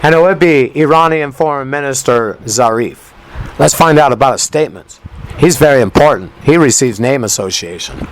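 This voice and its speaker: A man's voice: medium pitch, animated, normal speed, a little hiss or hum, low-quality recording. A man hosting a talk radio show, commenting on a news clip in an emphatic, rambling way with rhyming asides. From United States.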